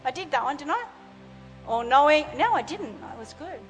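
High-voiced woman preaching in a reverberant hall. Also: big pitch swings, moderate pace, faint music behind. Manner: fervent, calls out to congregation. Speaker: pastor. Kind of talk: sermon.

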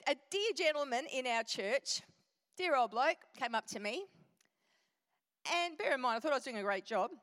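A middle-aged woman tells a personal story from the stage at a church event. Her voice sits high and jumps all over the place. A long hall reverb trails behind her words. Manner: animated, storytelling. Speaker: guest speaker. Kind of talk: women's church event talk. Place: church auditorium.

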